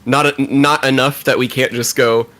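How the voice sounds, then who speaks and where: A man co-hosting a casual band podcast, animated and quick to laugh, often restarting his sentences. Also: mid-range voice. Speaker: podcast co-host, band member. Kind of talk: casual chat.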